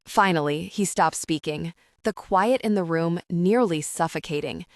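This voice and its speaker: A woman narrating a first-person romance audiobook in a measured, intimate, soft manner. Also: lowish voice, no echo, studio quality.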